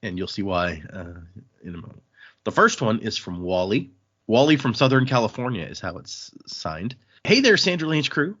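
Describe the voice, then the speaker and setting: A man hosting a casual book-discussion podcast, his voice sitting on the low side. He chats loosely with his co-hosts and reads listener emails aloud. The audio is muffled and lo-fi. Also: normal speed, fairly bright tone. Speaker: podcast host.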